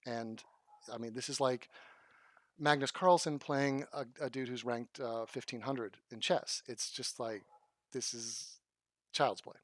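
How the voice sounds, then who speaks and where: A man's voice: mid-range voice, steady tone, unhurried, no echo. A man reacting to video clips with blunt, profane, sarcastic commentary. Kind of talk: combative commentary.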